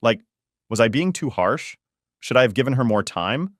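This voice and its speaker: A man's voice: medium pitch, animated, normal speed, dry recording, clean studio sound. A man telling a personal story in first person, in a conversational, exasperated way. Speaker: narrator.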